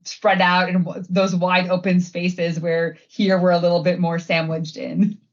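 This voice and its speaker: This middle-aged woman from Wisconsin, who heads sustainability, is a chatty interview guest who laughs a lot and leans on "um" and "like." She speaks unhurriedly in a fairly low voice with little pitch movement, on audio missing its high end.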